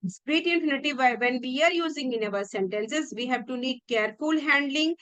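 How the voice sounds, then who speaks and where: High-voiced Indian woman teaching grammar. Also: fairly bright tone, low-quality recording. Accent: Indian English. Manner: explains slowly with restarts, repeats key phrases. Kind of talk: exam-prep grammar lesson.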